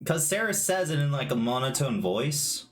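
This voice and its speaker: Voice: medium pitch, very animated, normal speed, faint music behind. A game master narrating a tabletop game in a casual way, swearing freely and checking rules aloud.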